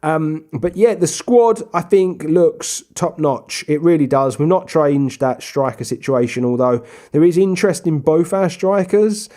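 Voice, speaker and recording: A young man casually commentating his own football management game, chatty, with sudden bursts of excited shouting. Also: a little high. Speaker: gaming YouTuber. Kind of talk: casual Let's Play commentary.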